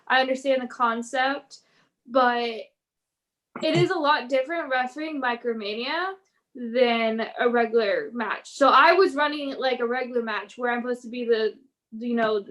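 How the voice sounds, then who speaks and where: A woman pro wrestler in a casual interview, telling stories in an animated way, acting out quotes and laughing often. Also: a little high.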